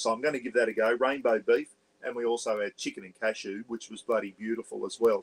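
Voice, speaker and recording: Talking fast in a fairly low voice with little pitch movement, an Australian man runs a loose, chatty livestream from his parked caravan. "Bloody" comes up again and again, and the audio is poor.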